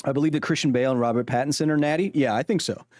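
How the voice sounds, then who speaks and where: A man's voice: mid-range voice, very fast, darkish tone, no echo, clean studio sound. Joking man chatting with his livestream viewers. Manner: joking, reads and answers chat messages. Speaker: livestream host. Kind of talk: casual gameplay livestream chat.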